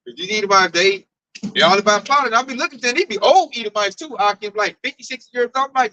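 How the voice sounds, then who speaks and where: A man telling animated work stories in a casual chat, acting out his coworkers. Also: sits high, fast talker, low-quality recording. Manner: animated, acts out coworkers' voices. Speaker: speaker at a group discussion.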